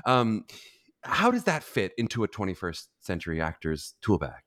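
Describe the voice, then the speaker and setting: A man's voice: lowish voice, wildly swooping pitch, fairly bright tone. A man hosting an interview, agreeing often and asking long questions. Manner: quick, affirming, backchannels often. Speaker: host. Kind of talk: conversational interview.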